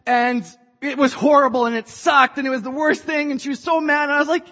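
A woman preaching a sermon to a church, passionate and rising to shouts. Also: high-pitched, steady tone, brisk, hardly any pauses. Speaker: church speaker. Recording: dull sound in a reverberant hall.

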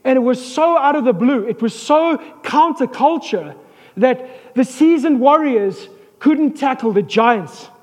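A man preaching an animated sermon as a pastor, with joking asides and calls for amens. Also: very high voice, a little slow, long reverb tail.

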